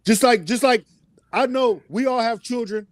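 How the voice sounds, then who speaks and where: A man's voice: extremely high pitch, moderate pace, no echo. A man chatting casually on a talk show, telling loose, profane stories and acting out quotes from his kids. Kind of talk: casual chat.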